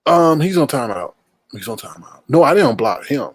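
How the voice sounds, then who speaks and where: Teasing male host, husky and very dry sound, animated delivery. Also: medium pitch, normal speed, no room sound. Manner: playful, teasing, makes bird calls. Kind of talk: casual chat.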